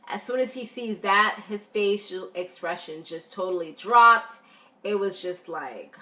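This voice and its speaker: Woman vlogger, casual recap; animated, blunt, filler-heavy delivery. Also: mid-range voice. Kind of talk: casual review chat.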